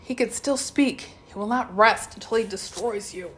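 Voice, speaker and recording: A woman's voice: mid-range voice, moderate pace, a little hiss or hum, lightly acted. A woman voicing a commanding ancient female goddess who gives stern, urgent warnings.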